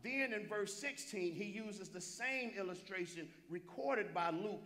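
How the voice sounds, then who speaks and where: A pastor preaching a sermon in a church, repeating phrases and calling out to listeners by name. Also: male voice, sits high, lively intonation, a little slow, sharp tone. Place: church sanctuary.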